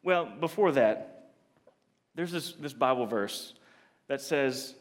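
In a large hall, a man preaches a sermon earnestly and confessionally, often restarting his sentences and moving between soft and emphatic delivery. His voice is a little high and animated, at a measured pace.

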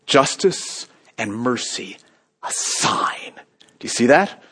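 A man preaching a sermon, moving between hushed, quiet passages and loud, emphatic calls to the congregation. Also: medium pitch, sing-song, slow, husky. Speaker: pastor.

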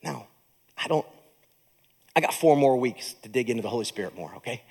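A man preaching a sermon as a pastor in a church, with animated delivery and joking asides to the congregation. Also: medium pitch, a little fast, gravelly, slightly rough.

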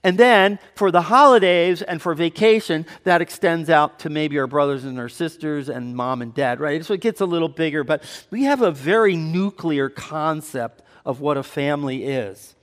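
A man's voice: on the high side, moderate pace, few pauses, fairly bright tone. A man preaching a sermon as pastor, switching between earnest teaching and light banter with the congregation. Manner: conversational preaching with audience banter. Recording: long hall reverb.

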